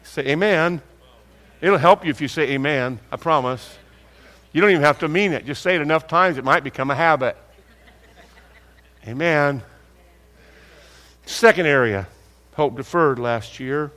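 A man's voice: a little high, a little slow, long pauses, a bit bright. Older guy preaching, folksy storyteller, big echoey church hall with long reverb. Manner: folksy, conversational, acts out dialogue. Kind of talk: storytelling sermon.

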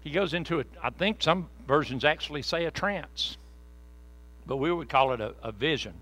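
A man's voice: fairly high pitch, lively intonation, normal speed, pushed and bright, low-quality recording. A man preaching a sermon as pastor, folksy and conversational with joking asides to the congregation.

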